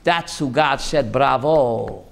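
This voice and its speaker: A man, a rabbi, giving a lively Torah class, calling on listeners by name and slipping in Yiddish and Hebrew words. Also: mid-range voice, slow pace, gravelly. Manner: lively, addresses listeners by name, jokey asides; mixes Yiddish and Hebrew terms. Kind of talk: animated Torah class to a live group.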